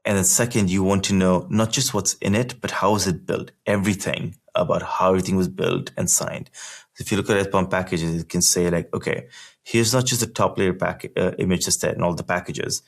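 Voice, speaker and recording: Deep gravelly guy on a tech podcast, explaining stuff casually, lots of "like". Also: steady tone, fairly quick. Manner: explains in loose run-on sentences with frequent "like". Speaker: podcast guest, engineering executive.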